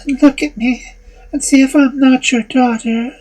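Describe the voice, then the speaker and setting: A storyteller voicing a bewitched young woman who speaks in a proud, reproachful, commanding way, slightly husky. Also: high-pitched, steady tone, moderate pace, dark tone, pitched above the performer's own voice, poor audio. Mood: pleading.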